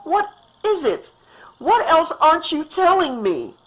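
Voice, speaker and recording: A man's voice: very high-pitched, wildly swooping pitch, measured pace, fairly bright tone, voice pushed up, exaggerated voice, rough recording. A man voicing a hysterical mother who shrieks and cries as she searches for her daughter. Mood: pleading. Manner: shrieking, frantic, pleading. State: crying.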